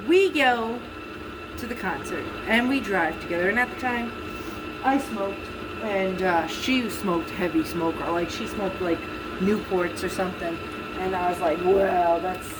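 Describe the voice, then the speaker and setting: A young woman rambles through a storytime while she bakes in her home kitchen. She talks in a chatty, loose way, with lots of "like" and "you know". The recording has clear background noise throughout. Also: mid-range voice, measured pace. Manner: chatty, rambling, many fillers. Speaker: vlogger. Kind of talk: casual storytime while baking.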